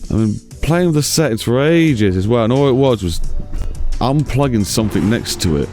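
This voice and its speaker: A gaming channel host casually narrates his own driving game in a mid-range, darkish voice, animated and at a moderate pace. He's chatty and pokes fun at himself while speaking straight to viewers, with soft music in the background.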